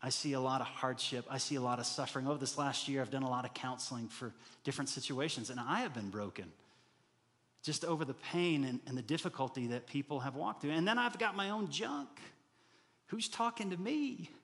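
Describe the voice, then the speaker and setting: A man's voice: medium pitch, animated, a little fast, a bit bright, big-room sound. A middle-aged man preaching a sermon earnestly, building to emphatic peaks and acting out the inner voices he describes. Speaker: pastor.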